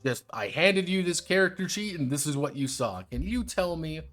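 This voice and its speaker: A fairly high-pitched, slightly bright male voice speaks animatedly at a moderate pace, soft music in the background. He's livestreaming casual tabletop RPG reviews, irreverent, sardonic, and foul-mouthed, talking viewers through rule specifics.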